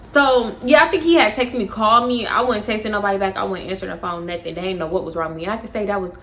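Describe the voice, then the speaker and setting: A young woman vlogger casually telling a storytime, animated and slangy, swearing and laughing as she goes. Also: mid-range voice, fast.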